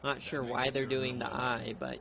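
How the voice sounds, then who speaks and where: A young man giving laid-back play-by-play commentary on a streamed video game, chatty and prone to excited outbursts. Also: medium pitch, unhurried, creaky, a crowd in the background. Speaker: league streamer.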